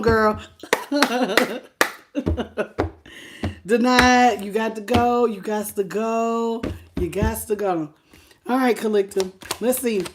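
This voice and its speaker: Woman tarot reader on a livestream, a bit high-pitched, animated and direct with her viewers. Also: background noise. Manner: animated, talks straight to the viewer and greets chat by name; repeats phrases for emphasis. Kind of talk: live tarot reading.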